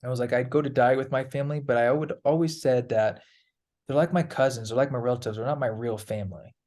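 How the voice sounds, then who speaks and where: Man, mid-pitched voice, casual guest, rambling storytelling, swears freely. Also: steady tone, fast talker, a little mellow. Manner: loose and rambling, with fillers and swearing. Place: Peru.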